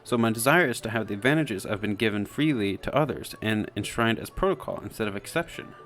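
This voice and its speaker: A man's voice: lowish voice, animated, fast talker, a bit bright. A man voicing a frail, genteel young woman student, speaking in a prim, formal, overly polite way. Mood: earnest.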